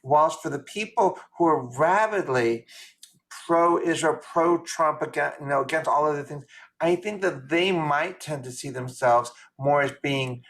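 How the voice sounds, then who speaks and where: Earnest man talking fast on a call. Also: a little high, a bit bright. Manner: quick, earnest, opinionated with restarts. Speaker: rabbi, class participant. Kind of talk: discussion in an online class. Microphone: video call.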